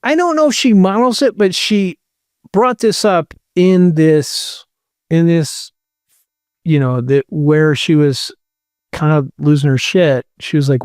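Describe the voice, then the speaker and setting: A man with a fairly high voice spins a candid story at an unhurried, drawn-out pace. He swears freely, leans on "like" and breaks into laughs as he goes. The sound is dry and close, with almost no room. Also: a little mellow, clear, resonant tone, no echo. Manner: candid, profane, full of "like" fillers, laughs mid-sentence. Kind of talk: casual storytelling chat.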